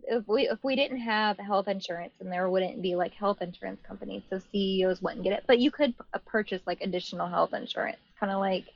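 A woman's voice: medium pitch, fast talker, vocal fry, few pauses. Woman on a dull, muffled recording. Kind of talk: casual chat.

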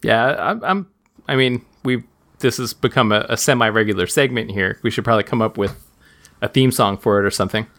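A man's voice: on the low side, a little fast, a bit bright. A man co-hosting a podcast in casual chat, teasing his co-host and musing in a dry way.

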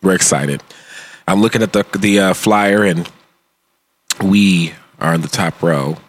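Podcast host, male, lower pitch, upbeat and chatty, laughs often. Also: unhurried. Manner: upbeat, laughs often, reads out plugs and addresses. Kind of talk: casual podcast chat.

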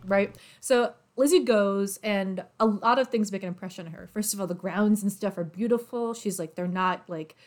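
A young woman in casual chat, retelling a novel's plot with lots of fillers and quick voiced asides for the characters. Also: mid-range voice. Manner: chatty, filler-heavy, acts out characters' lines.

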